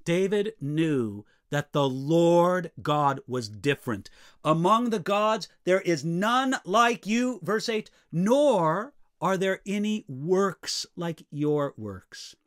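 A man preaching an expository sermon, reading scripture aloud with strong emphasis and dropping to soft, low asides in between. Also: slow pace. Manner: expressive, rises high when reading scripture, drops low and soft on asides.

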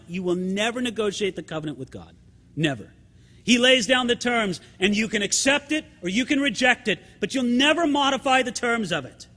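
A man's voice: very high voice, fairly bright tone. A middle-aged man preaching a sermon as pastor, speaking emphatically and calling the congregation friends with rhetorical questions. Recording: long hall reverb.

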